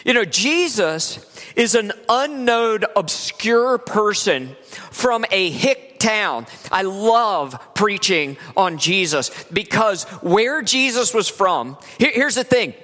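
A man from Virginia, preaching a sermon in a lively, conversational way in a church. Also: sits high, slow pace. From West Virginia. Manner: lively, conversational preaching with laughs and acted asides. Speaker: pastor. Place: church sanctuary. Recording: long hall reverb.

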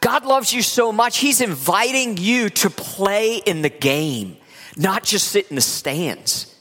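A man from Virginia, preaching a sermon in a lively, conversational way in a church. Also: high voice, slow. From West Virginia. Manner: lively, conversational preaching with laughs and acted asides. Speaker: pastor. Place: church sanctuary. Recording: long hall reverb.

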